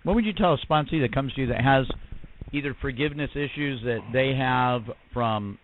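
Male host, wry and self-mocking, mid-pitched voice, phone-like audio. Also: a little fast, a little hiss or hum. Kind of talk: casual chat.

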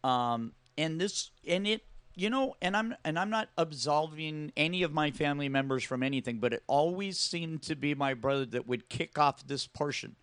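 A man in a casual conversation, animated, acting out what people said. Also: fairly high pitch, moderate pace, smooth, dry recording. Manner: animated, acts out quotes.

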